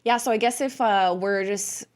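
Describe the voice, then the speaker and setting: A woman's voice: mid-range voice, moderate pace. A woman co-hosting a casual podcast from a studio, rambling through a story with lots of fillers. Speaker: podcast co-host. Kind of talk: casual chat.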